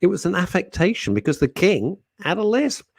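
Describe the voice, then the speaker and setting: Man, radio talk host, lively swooping pitch, dry close sound. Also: brisk, gravelly, husky, no room sound. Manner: chatty, animated, jokey, talks to listeners by name. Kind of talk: casual chat reading listener comments.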